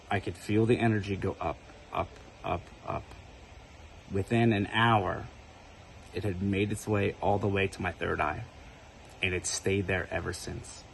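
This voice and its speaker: A man's voice: low-pitched, vocal fry, slight background noise, low-quality recording. A man casually telling a personal spiritual story to camera, talking conversationally and often checking in with "right?". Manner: conversational, keeps asking "right?". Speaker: spiritual video creator.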